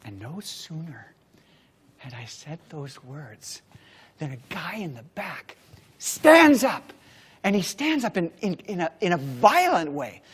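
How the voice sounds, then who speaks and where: A man giving a motivational keynote, telling a story dramatically with long pauses. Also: high-pitched, wildly swooping pitch, fairly bright tone, slightly rough. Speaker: keynote speaker. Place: stage before a large audience.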